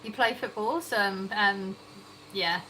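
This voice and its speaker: Bright-voiced English woman chatting live. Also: medium pitch, a little slow, a little hiss or hum, rough recording. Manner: chatty, reads chat aloud, laughs often. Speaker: livestream host. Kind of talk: casual live chat reading comments. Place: home kitchen.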